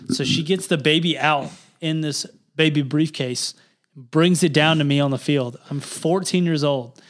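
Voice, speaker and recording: A young man, co-hosting a podcast and telling a story in casual, swearing chat. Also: unhurried. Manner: animated, swearing, jumps to high pitch for quoted voices. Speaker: podcast co-host.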